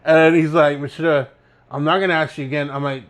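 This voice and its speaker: A man's voice: on the high side, fairly even intonation, a little fast. A young man co-hosting a podcast, telling rambling, laid-back stories and laughing as he goes. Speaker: podcast co-host. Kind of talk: casual storytelling chat.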